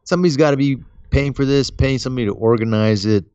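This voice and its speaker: A man's voice: medium pitch, quick pace, a little mellow, clean tone, no echo, muffled recording. A man co-hosting a casual podcast, rambling in slangy speech full of fillers and "man". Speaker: podcast co-host. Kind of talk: casual chat.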